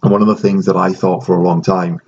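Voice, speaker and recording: A man with a very low, gravelly voice talks through ideas in a casual podcast chat, often restarting his sentences. The audio is dull and carries a faint hiss. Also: flat delivery, fast, darkish tone. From Ireland. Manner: chatty, restarts often, explaining. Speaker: host.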